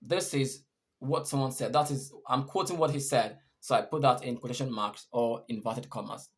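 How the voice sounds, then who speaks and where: A man's voice: medium pitch, steady tone, normal speed. A man teaching English punctuation, patiently repeating and rephrasing each point. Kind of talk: explaining punctuation rules.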